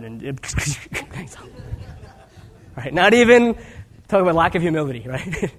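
High-voiced man preaching conversationally. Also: unhurried, pauses often. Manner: conversational storytelling with self-deprecating humor; lively swings between hushed asides and raised emphasis. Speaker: guest preacher. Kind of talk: sermon.

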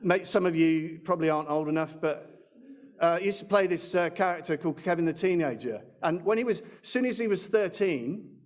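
A man's voice: on the high side, brisk. A man preaching a sermon in a church, chatty and self-deprecating, speaking into a handheld mic. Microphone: handheld microphone.

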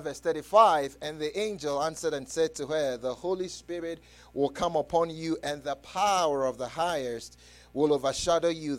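A male pastor preaching a radio sermon, fervent and full of restarts and praise interjections, leading his listeners in loud call-and-response repetition of scripture. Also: on the high side. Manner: shouting scripture with the congregation.

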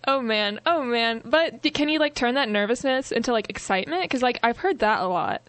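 A woman's voice: a little high, lively intonation, brisk, fairly bright tone, dry recording. A young woman hosting a casual interview, chatty and curious, often laughing. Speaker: interviewer host.

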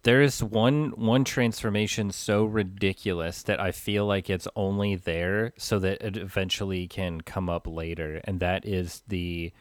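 A man co-hosting a podcast in casual film chat, measured, with dry deadpan jokes. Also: low-pitched, dry recording. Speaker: podcast co-host.

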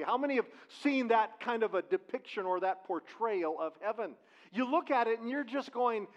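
A male pastor delivers a conversational sermon in a fairly high voice, often restarting phrases and asking the congregation questions. The recording is dull and lo-fi. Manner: conversational preaching with frequent restarts and rhetorical questions.

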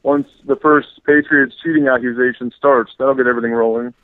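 A man's voice: mid-range voice, steady tone, fairly quick, no echo. A man joining a casual podcast as a guest, making dry wisecracks. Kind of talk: casual chat. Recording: tinny phone-line sound.

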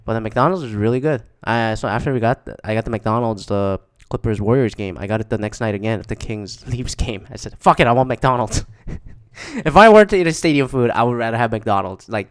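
Swearing guy rambling through a story, smooth clear voice, tons of filler words. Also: medium pitch. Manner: profane, rambling, with frequent fillers. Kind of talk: casual rambling monologue.

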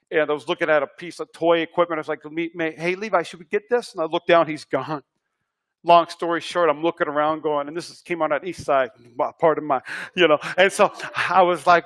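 A male pastor preaching a sermon, swinging between hushed lines and loud, emphatic repeats. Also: high-pitched.

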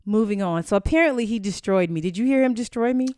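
Blunt, profane woman with a smooth voice. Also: mid-range voice, fast, a little mellow, no room sound, studio quality. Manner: blunt, outspoken and profane, laughs often. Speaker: interview guest. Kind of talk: candid interview chat.

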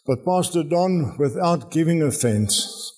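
Animated male preacher, high voice. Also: slow pace. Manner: animated storyteller, acts out quoted voices, repeats himself. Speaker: guest preacher. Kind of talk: sermon with storytelling.

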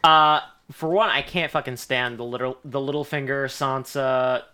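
A man's voice: mid-range voice, steady tone, moderate pace, pushed and bright, smooth. A man on a podcast complaining bluntly, swearing as he airs his gripes in casual chat.

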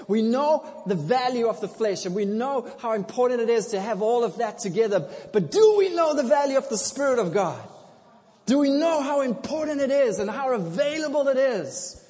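A man preaching a sermon. He swings from hushed to loud, laughs often, and. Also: sits high. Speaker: pastor. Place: church hall. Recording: long hall reverb.

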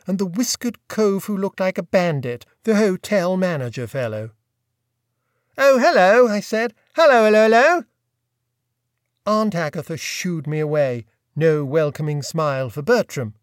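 Casting: male audiobook reader, wry comic storytelling, lively melodic delivery. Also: high voice, dry recording, clean studio sound. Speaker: audiobook narrator. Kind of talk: scripted narration.

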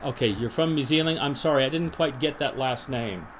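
A man hosting a podcast, deadpan and rambling with many restarts, in an improvised comedy monologue and mock interview. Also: medium pitch, brisk, slight background noise. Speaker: podcast host.

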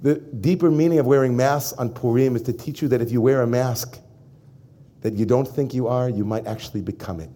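A man's voice: mid-range voice, fairly quick. Emphatic preaching man. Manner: emphatic, animated, addresses listeners directly. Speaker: rabbi. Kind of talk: sermon to a congregation.

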